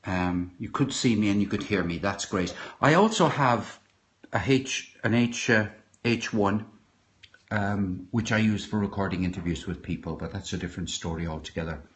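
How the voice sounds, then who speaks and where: A middle-aged Irish man chatting casually on a live stream from his kitchen, rambling and halting with many fillers and restarts. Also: lowish voice, husky. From Ireland. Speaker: podcaster. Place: home kitchen.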